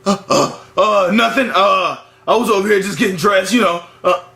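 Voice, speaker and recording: A man voicing a brash, excitable, lecherous male bird in a puppet comedy, crooning and easily flustered. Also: high voice, moderate pace, gravelly, full character voice.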